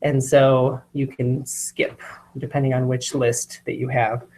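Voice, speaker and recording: Very low-voiced woman teacher, sounding out words. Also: flat delivery, mellow. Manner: sounds out words slowly and carefully. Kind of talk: instructional explanation.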